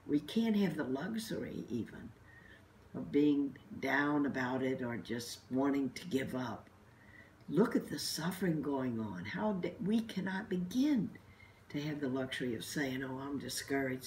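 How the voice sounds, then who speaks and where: A woman's voice: deep voice, distant mic, slight background noise. A woman who is a religious sister and activist, giving an earnest, emphatic recorded message of encouragement to protesters. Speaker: religious sister and anti-death-penalty activist.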